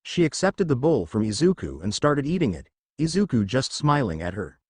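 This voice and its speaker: A man reads a fan fiction story aloud in a plain storytelling manner. His intonation is lively and varied, and the sound is dry and close to the mic. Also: mid-range voice, moderate pace, breathy edge, no echo. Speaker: narrator.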